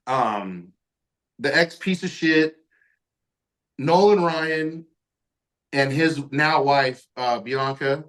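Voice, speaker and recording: A man's voice: fairly high pitch, a bit bright. A man hosting a podcast, telling a story casually, swearing a lot and acting out what people said. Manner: profane, acts out quoted lines. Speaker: podcast host. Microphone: podcast mic.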